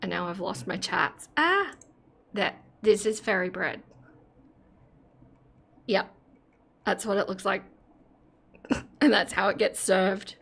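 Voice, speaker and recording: A woman's voice: mid-range voice, gravelly, a bit bright, breathy edge. An Australian woman in her forties, chatting casually with her live-stream audience and giggling often. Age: 40s. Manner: giggly, breaks into laughter often.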